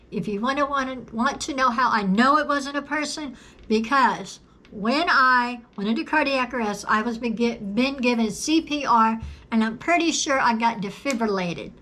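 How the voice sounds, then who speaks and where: Woman, personal testimony to camera, slow and earnest, bright slightly high voice, occasional cough. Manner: earnest, slow and deliberate, repeats phrases for emphasis. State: coughing at times. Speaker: video creator sharing a personal story.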